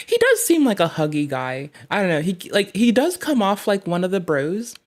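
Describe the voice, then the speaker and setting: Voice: mid-range voice, huge pitch swings, measured pace. A streamer chatting casually on a live stream, rambling and swearing through comic stories. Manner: rambling, profane, comic storytelling. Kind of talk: casual chat.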